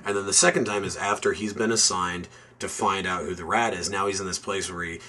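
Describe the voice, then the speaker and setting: A man's voice: deep voice, fairly even intonation, brisk, sharp tone. A man co-hosting a podcast, chatting casually about a film in a rambling way. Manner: rambling, lots of fillers and restarts. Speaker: podcast co-host. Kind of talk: casual movie review chat.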